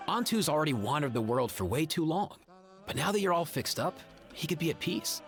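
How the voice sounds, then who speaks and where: A man's voice: fairly high pitch, sing-song, a little fast. A man voicing a friendly young male physician in a game, speaking in a casual, comforting way. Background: game music.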